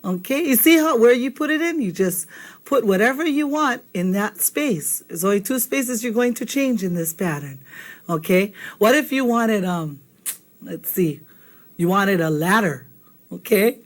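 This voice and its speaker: A woman's voice: medium pitch, animated, measured pace. A woman teaching a video language lesson, patient and checking in with listeners often. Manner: patient, checks in with frequent "okay?".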